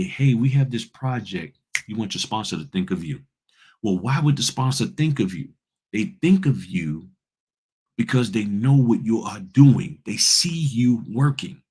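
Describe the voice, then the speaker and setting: A man from Virginia hosting a casual livestream as a notary business coach, talking in an animated, slangy, preachy way and speaking straight to his chat. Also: on the low side, husky. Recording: livestream from home studio.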